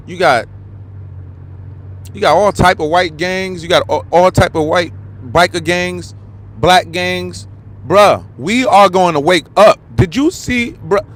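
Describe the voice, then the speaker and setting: A man's voice: sits high, slow pace, fairly bright tone. A man commentating on a live stream in a heated, repetitive rant, peppered with slang and calls of "bro.". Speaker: online commentator.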